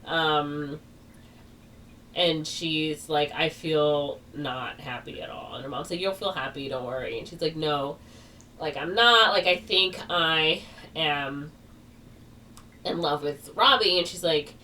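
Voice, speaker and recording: A woman with a low voice rambles through a casual retelling and fills it with "like" and "or whatever". She sits a little back from the mic, and a faint hiss of noise stays under her voice. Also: slow, bright, forceful tone, distant mic. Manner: rambling, heavy on fillers like "like" and "or whatever". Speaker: podcast co-host.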